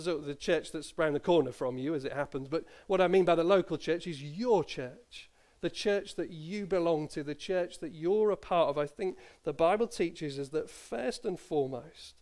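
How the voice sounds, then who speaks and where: Chatty preacher, slightly high voice. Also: male voice. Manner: conversational, self-deprecating, with asides and small laughs. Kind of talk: sermon. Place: church.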